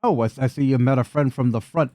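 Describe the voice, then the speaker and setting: A man's voice: medium pitch, mellow, no room sound, studio quality, natural voice. A man voicing a smug, leering male goblin brute in a tabletop game. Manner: slow, smug.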